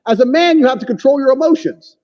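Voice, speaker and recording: A man as a podcast guest, talking bluntly and forcefully with lots of swearing and emphatic claims. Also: very high voice, fast talker. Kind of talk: blunt opinionated conversation. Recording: long reverb, dull lo-fi sound.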